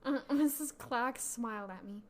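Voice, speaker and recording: A woman's voice: on the high side, normal speed. A woman co-hosting a casual podcast, reading a story aloud while laughing and reacting with mock outrage. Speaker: podcast co-host.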